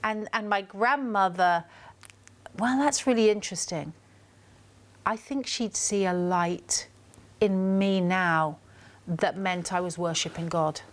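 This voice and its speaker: A woman from Liverpool with a Scouse accent, an author guest telling lively stories in a casual interview and slowing down on emotional points. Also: medium pitch. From Liverpool, England. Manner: animated storyteller, slows down on emotional points.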